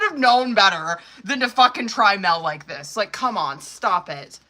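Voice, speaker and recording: A woman's voice: medium pitch, expressive, measured pace, hardly any pauses, sharp tone, slight background noise. A young woman reading tarot on a live stream, blunt, sassy and full of swearing. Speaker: tarot reader.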